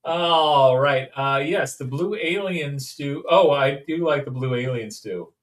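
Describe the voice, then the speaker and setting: A man's voice: mid-range voice, takes it slowly. Rambling jokey man. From Indiana, USA. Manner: rambling, jokey, sings snippets. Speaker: toy-collecting streamer. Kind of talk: casual unboxing chat. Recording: distant mic.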